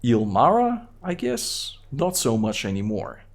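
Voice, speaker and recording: Lively Bulgarian-accented game streamer. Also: male voice, mid-range voice, gravelly. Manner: quick, lively, half-joking asides. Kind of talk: live gameplay commentary, reading game text.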